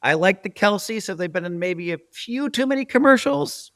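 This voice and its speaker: A man's voice: high voice, expressive, moderate pace, a bit bright, no room sound, studio quality. A man hosting a casual sports podcast, ranting emphatically and bantering with his co-hosts. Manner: emphatic, bantering, rant-style delivery. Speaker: podcast host.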